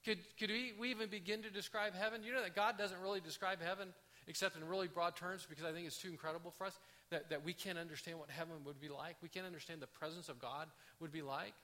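A man delivers a sermon in a relaxed, conversational way, often stumbling and restarting his phrases. His voice sits high and sounds bright. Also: quick pace. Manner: conversational, animated, with frequent restarts. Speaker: pastor.

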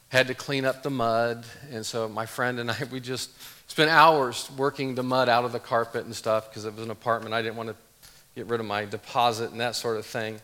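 A man's voice: on the high side, sharp tone. A middle-aged man, a pastor, preaching a conversational sermon, telling a story with chuckles before reading scripture.

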